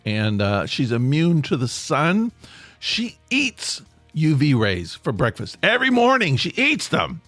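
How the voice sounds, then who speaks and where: Lively self-mocking man in his sixties. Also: a little high, a little slow, dry recording, faint music behind. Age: 60s. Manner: self-mocking, jokey, meandering. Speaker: podcast host. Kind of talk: casual rambling monologue.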